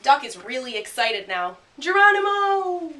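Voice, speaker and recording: A woman teacher giving a grammar lesson and reading a picture book aloud, speaking clearly and punching out the sound words. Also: a little high, normal speed, background noise. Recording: roomy sound from a distant mic.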